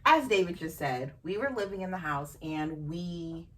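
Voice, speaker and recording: Sitting some way from the microphone, a woman podcast host sounds a little far off as she tells a deeply personal story. Her fairly low, slightly bright voice is expressive and moderately paced, frank and emotional, with casual swearing. A little hiss or hum is audible.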